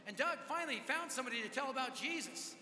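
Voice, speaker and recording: A man preaching at a conference, telling a story with energetic, dramatic swings from loud to hushed. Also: very high voice, quick pace, a little hiss or hum. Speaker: conference speaker. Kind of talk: storytelling sermon. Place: large hall. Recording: echoey hall with long reverb.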